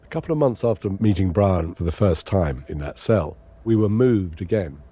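Very deep-voiced English man, reflective. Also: lively intonation, mellow, slightly rough. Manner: measured, understated, wry. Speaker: interviewee recounting his captivity. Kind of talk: reflective first-person testimony.

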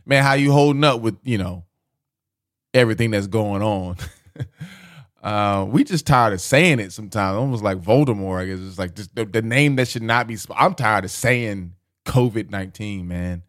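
A male podcast host talking in a relaxed, easygoing way and addressing his listeners directly. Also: lowish voice, normal speed, dry recording, studio quality. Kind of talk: casual podcast chat.

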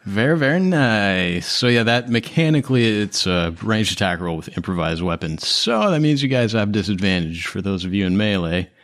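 A man's voice: on the low side, expressive, normal speed, hardly any pauses, a bit bright. A man running a tabletop game as game master, explaining rules casually with some swearing.

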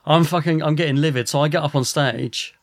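A man, a podcast host, telling a rambling, animated story and swearing a lot. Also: on the high side, brisk, dry recording, clean studio sound. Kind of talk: casual storytelling.

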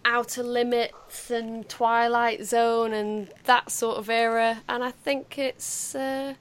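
A woman's voice: fairly high pitch, little pitch movement, slow, clear, resonant tone. A woman brought into a podcast chat who answers in a hesitant, easygoing way. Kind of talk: casual chat.

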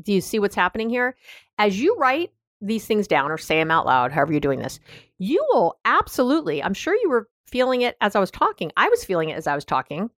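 A woman talking through a self-help idea in a loose, chatty podcast monologue, pitched at a middling height. She laughs often and starts sentences over, recorded on a dry, close mic. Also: big pitch swings, quick pace, fairly bright tone, dry recording. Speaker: podcast host.

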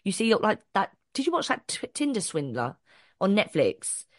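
A woman, co-hosting a podcast and telling an animated story full of swearing and acted-out quotes. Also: medium pitch, moderate pace, no room sound, clean studio sound. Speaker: podcast co-host. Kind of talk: casual storytelling chat.

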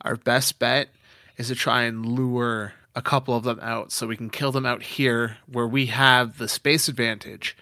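A man running a tabletop game in a bright, forceful voice, lively and quick to laugh. He is close to the mic in a dry space. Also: medium pitch, no room sound. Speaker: dungeon master.

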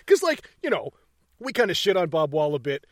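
Man, podcast co-host, casual profane chat, slightly high voice, dry close sound. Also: sing-song, brisk, no echo. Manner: profane, blunt, laughs often.

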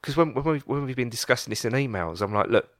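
A man's voice: medium pitch, animated, quick pace, fairly bright tone, dry recording, studio quality. A man hosting a podcast, earnestly agreeing with his guest and building on his points. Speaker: podcast host. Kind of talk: conversational interview.

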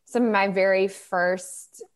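A woman novelist from the American South who tells stories in an animated, chatty way, often filling her sentences with "like". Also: medium pitch, takes it slowly, clear, resonant tone. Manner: animated storytelling, chatty, many "like"s. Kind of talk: casual conversation about writing.

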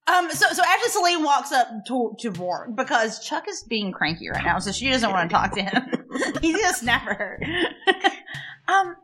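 Woman, tabletop player, high bright voice, lively, faint music behind. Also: normal speed, noisy background. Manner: giggly, rambling, animated. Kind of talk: playing a tabletop game.

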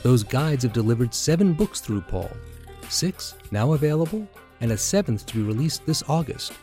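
A man's voice: medium pitch, big pitch swings, normal speed, warm tone. Man narrating a podcast intro over music. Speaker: podcast host. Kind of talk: scripted narration.

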